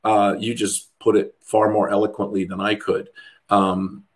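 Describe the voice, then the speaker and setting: A man's voice: fairly low pitch, flat delivery, unhurried. A middle-aged man, a dog trainer, talking in casual podcast chat, blunt and profane, mimicking other people's voices as he rants.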